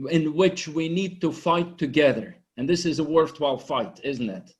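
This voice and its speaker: Intense, swearing man giving a pitch. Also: expressive, unhurried. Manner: intense, blunt, swearing, preachy. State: emotional, sniffling. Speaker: online group host. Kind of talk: impassioned motivational pitch. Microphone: online conference microphone.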